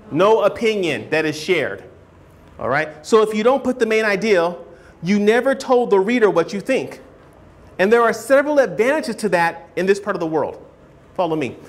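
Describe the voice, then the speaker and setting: High-voiced male writing teacher. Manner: animated, keeps checking understanding with questions; acts out hedging speakers in a higher voice. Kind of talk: classroom lecture.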